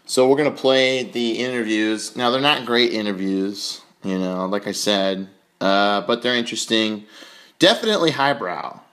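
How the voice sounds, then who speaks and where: A man's voice: on the low side, moderate pace, a bit bright. A young man hosting a podcast, telling a rambling, self-mocking story full of fillers. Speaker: podcast host. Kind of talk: casual storytelling.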